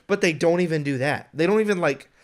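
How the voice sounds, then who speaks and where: Young male co-host, excitable film talk, acts out lines, a touch high. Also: fast talker. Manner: excitable, acts out imagined dialogue, many restarts. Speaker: podcast co-host. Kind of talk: casual film review chat.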